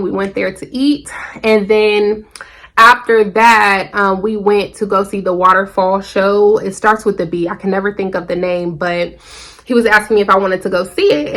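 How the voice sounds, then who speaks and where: A woman's voice: medium pitch, fairly bright tone. A woman vlogger chatting casually to camera, retelling a personal story with lots of fillers.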